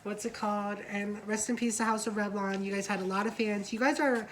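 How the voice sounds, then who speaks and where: A woman co-hosting a reality show review in casual chat, gossipy and quick to swear, acting out what the cast said. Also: mid-range voice, fairly even intonation, slight background noise, poor audio. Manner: chatty, gossipy, swears freely, acts out quotes.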